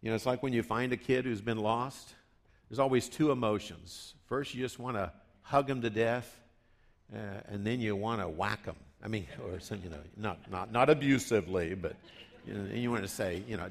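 A man preaching a sermon in a conversational way, rising for emphasis and dropping low for asides. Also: expressive, normal speed. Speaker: pastor.

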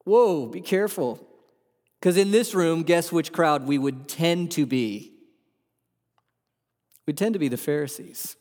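A man's voice: fairly high pitch, measured pace, long pauses, darkish tone. A man preaching a sermon as a pastor, earnest and emphatic, asking the room rhetorical questions. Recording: long hall reverb.

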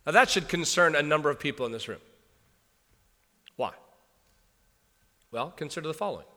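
A male pastor delivering a sermon with a high, bright voice that rises and falls in animated swings. He reads the scripture passage, then breaks it down in a loose conversational manner. His voice carries the long reverb of a large hall. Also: normal speed.

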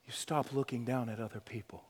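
A man preaching a sermon, swinging from loud crying out to a hushed near-whisper and repeating phrases with stammering restarts. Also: mid-range voice, steady tone, a little fast, breathy edge. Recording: long reverb of a hall.

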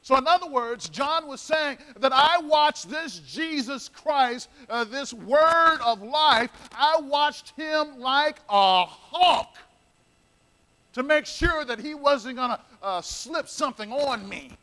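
A male pastor delivering a sermon in a very high, bright, ringing voice. He takes his time and hammers points home through repetition, calling out to the congregation. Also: expressive, unhurried, hardly any pauses, rough recording. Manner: emphatic, repeats key phrases, calls out to the congregation.

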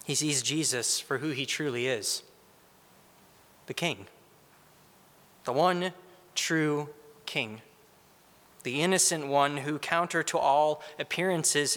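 A man giving a slow, earnest Good Friday meditation as a preacher. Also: fairly high pitch, pushed and bright, long reverb tail. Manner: slow, earnest, reflective delivery.

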